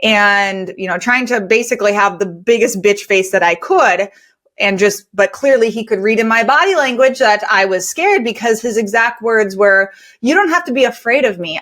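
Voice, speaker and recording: A woman's voice: mid-range voice, fairly bright tone. A woman hosting a podcast for cleaning business owners. She talks in an earnest, conversational way and uses a lot of fillers. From United States. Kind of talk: candid storytelling podcast talk.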